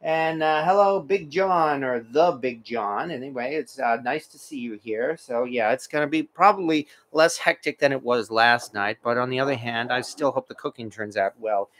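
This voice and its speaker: A man's voice: mid-range voice, normal speed, hardly any pauses, a bit bright. A man hosting a casual cooking livestream from his home kitchen, rambling with lots of fillers and restarts. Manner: rambling, many fillers and restarts, self-deprecating. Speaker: cooking channel host.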